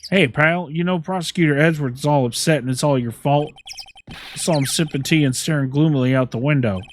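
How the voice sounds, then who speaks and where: A man doing a gruff blustering cop. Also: a little high, fairly quick, a little hiss or hum, close to an everyday voice. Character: gruff male police detective who says pal. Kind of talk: reading game dialogue aloud in voices.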